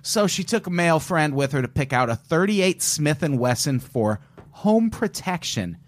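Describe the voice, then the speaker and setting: A man's voice: on the high side, very animated, moderate pace. Man co-hosting a casual crime podcast. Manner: joking, retells cases with asides. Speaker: podcast co-host. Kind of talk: casual true-crime chat.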